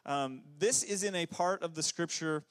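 A man giving a casual, conversational sermon as pastor, full of fillers and quick asides. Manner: conversational, many fillers, jumps into high put-on voices for quotes.

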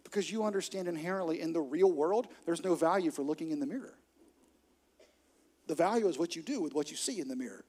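A man preaching a sermon to a congregation, animated and humorous, acting out little quoted scenes. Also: on the high side, quick pace. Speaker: pastor.

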